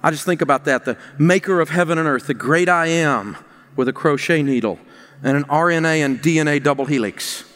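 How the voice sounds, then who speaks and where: A man's voice: on the high side, a little fast, fairly bright tone. Middle-aged male pastor preaching in a hall. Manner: storytelling, rising to emphatic preaching. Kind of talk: sermon. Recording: long reverb of a large hall.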